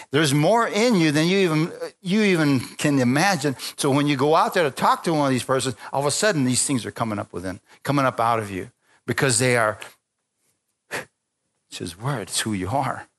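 A man delivers a sermon to his congregation, his voice jumping up and down as he tells a story and plays the people in it. He laughs easily and speaks in quick bursts. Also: mid-range voice. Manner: lively storytelling preacher, acting out quoted voices, laughing often. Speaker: pastor. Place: church sanctuary.

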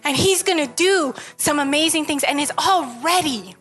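Female speaker, high and bright voice, earnest worshipful testimony with faint music. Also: moderate pace.

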